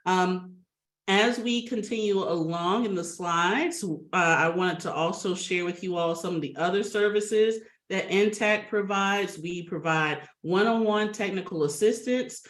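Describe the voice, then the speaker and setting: A woman's voice: mid-range voice, unhurried. A woman hosting a webinar over a video call, chatty and upbeat, greeting attendees by name and laughing often. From Atlanta, Georgia. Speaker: webinar host. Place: home office on a video call. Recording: roomy video call audio.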